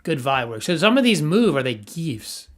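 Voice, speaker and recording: Young male streamer, slightly high voice, rambling and playful, stammers a lot. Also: very animated, normal speed. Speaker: livestream host reviewing NFT art. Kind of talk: casual livestream chat.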